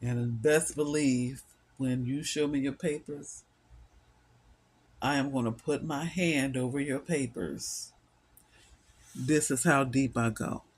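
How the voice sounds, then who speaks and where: A man's voice: medium pitch, fairly even intonation, slow pace, long pauses, husky. A middle-aged man giving an impassioned solo monologue, weary, emphatic and repetitive as he stresses his points. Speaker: vlogger.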